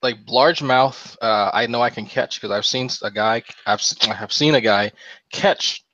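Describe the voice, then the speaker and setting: Bright-voiced rambling American-style chatter. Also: male voice, medium pitch, normal speed, dry recording, dull audio. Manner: rambling, swears, laughs loudly. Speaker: podcast co-host. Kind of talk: casual online chat.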